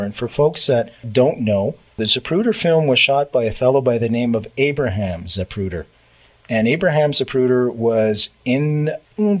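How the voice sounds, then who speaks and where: A Canadian man hosting a talk radio interview. He keeps the guest going with steady affirmations and an engaged, encouraging manner, in a voice of middling pitch. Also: poor audio. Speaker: radio show host.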